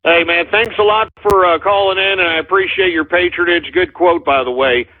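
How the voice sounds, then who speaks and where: A man's voice: high voice, moderate pace. A man hosting a call-in radio show, ranting angrily and swearing at his listeners. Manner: angry, profane, shouting insults at trolls. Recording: tinny phone-like sound.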